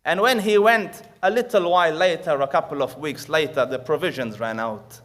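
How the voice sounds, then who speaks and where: A man giving an Islamic lecture, telling a story with Arabic verses recited quickly, rising loud for emphasis and dropping soft for quoted prayers. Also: on the high side.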